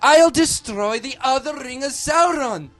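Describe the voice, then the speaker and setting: A man's voice: lively intonation, a little slow, soft background music, full character voice. A man putting on a whiny Scottish hobbit. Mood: boastful. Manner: high, wailing, swings to boastful shouting. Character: feeble, whiny young male hobbit dreaming of adventure. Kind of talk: improvised comedy sketch.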